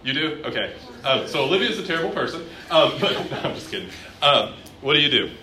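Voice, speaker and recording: A man's voice: a little high, very animated, fast, pushed and bright, a little hiss or hum. A man teaching a classroom Bible lesson in a conversational way, acting out quoted voices.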